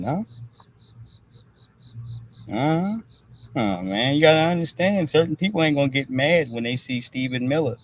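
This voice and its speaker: A man's voice: medium pitch, slight background noise, poor audio. Rambling, profane male livestream commentator. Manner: profane, filler-heavy, repeats "all right" constantly.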